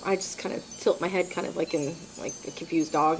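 A woman's voice: sits low, steady tone, quick pace, soft background music. A woman playing her character in a tabletop role-playing game, thinking aloud with frequent restarts as she decides what to do. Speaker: player. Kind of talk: casual tabletop game play.

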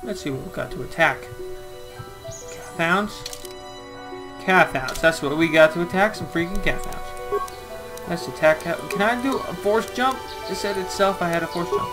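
A young man giving let's-play commentary, excitable, with melodramatic outbursts and mild swearing. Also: high-pitched, normal speed, pauses often. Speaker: gamer. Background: game music.

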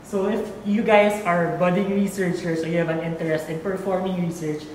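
A young Filipino medical student explaining the school's rooms on a casual tour, in English mixed with Tagalog, clear and explanatory. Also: mid-range voice, flat delivery, a little fast, a little mellow, a little hiss or hum. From Philippines. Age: young adult. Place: indoor school hall and labs. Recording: very echoey room from a distance.

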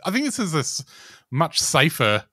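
A man, a podcast co-host tossing in quick joking asides. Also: fairly high pitch, huge pitch swings, bright, forceful tone, no room sound, clean studio sound. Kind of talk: casual chat.

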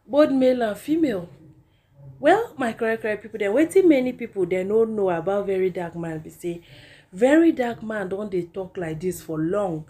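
A talkative Nigerian woman giving casual gossip commentary for her channel. Her voice is mellow and warm. She runs on freely, mixing Pidgin with English. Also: medium pitch. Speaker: celebrity gossip YouTuber.

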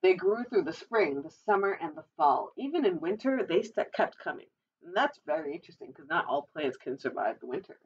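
A librarian reading a children's storybook aloud, adding chatty, giggly asides. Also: female voice, lowish voice, big pitch swings, fairly quick, husky. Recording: dull, distant recording.

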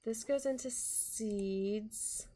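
A woman hosting a casual gaming stream, chatty, with quick bursts of excitement. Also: on the high side. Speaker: streamer and channel host.

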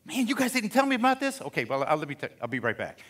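A man's voice: fairly high pitch, wildly swooping pitch, very fast, fairly bright tone, heavily acted. A man doing a flustered, jealous king. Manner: defensive, flustered.

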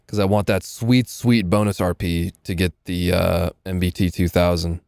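A man's voice: low-pitched, little pitch movement, moderate pace, vocal fry, a little mellow, smooth, dry recording, studio quality. A man giving casual, joking live commentary while playing a game. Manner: joking, sarcastic, laughs often. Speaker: gaming livestreamer.

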